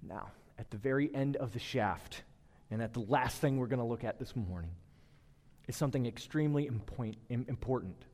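A man in his thirties preaches a sermon in a church, speaking in a middle-pitched voice. He talks in a relaxed, conversational way, moves between soft, hushed moments and firm emphasis, and his voice trails off into a long reverb. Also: fairly quick. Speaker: pastor. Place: church hall.

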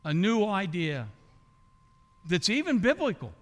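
A man's voice: high-pitched, sing-song, measured pace. A middle-aged man preaching a sermon as a pastor, asking the congregation rhetorical questions. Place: church sanctuary. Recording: long hall reverb.

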